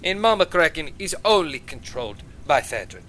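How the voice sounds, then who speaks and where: A man voicing a defensive, boastful male healer merchant who speaks halting broken English and opens lines with "eh.". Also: on the high side, very animated, a bit bright, a little hiss or hum, poor audio. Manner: broken English with hesitant "eh" openings.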